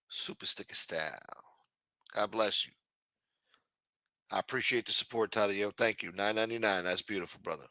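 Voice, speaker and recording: A man's voice: lowish voice, moderate pace, pauses often, sharp tone, no echo, clean studio sound. A man hosting a livestream, talking crudely and mockingly while reacting to his chat and thanking supporters. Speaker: livestream host. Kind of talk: profane casual commentary.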